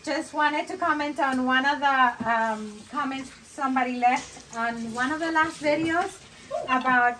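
Cooing high-voiced woman vlogger. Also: measured pace, bright, forceful tone, slight background noise. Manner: cooing baby talk to animals. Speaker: pet monkey owner vlogger. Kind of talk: casual vlog chat. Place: home.

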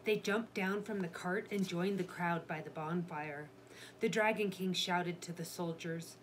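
A woman reading a children's chapter book aloud in a steady storytelling manner. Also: lowish voice, unhurried, slight background noise. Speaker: reader.

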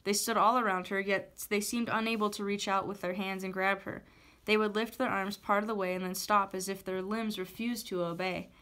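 Woman teacher, steady read-aloud of a novel chapter. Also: mid-range voice, fairly quick.

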